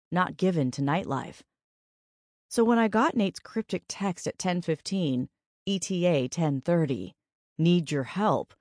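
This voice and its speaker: A woman with a low voice reads an audiobook in a measured, steady way. The sound is dry and close, with no room in it. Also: no room sound. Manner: measured, even storytelling. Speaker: audiobook narrator. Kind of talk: scripted narration.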